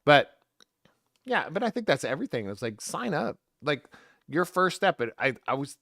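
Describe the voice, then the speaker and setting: A man's voice: a little high, big pitch swings, normal speed, vocal fry, pushed and bright, no echo. A man co-hosting a podcast, chatting casually and breaking off mid-sentence as he goes. The sound is dry and close, with no room around it. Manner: rambling, self-interrupting. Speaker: podcast co-host. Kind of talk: casual chat.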